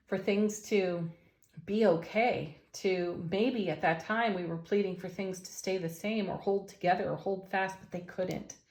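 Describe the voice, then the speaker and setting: Enthusiastic woman reading tarot, roomy echo. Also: medium pitch. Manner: gentle, enthusiastic, affirming. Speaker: tarot reader.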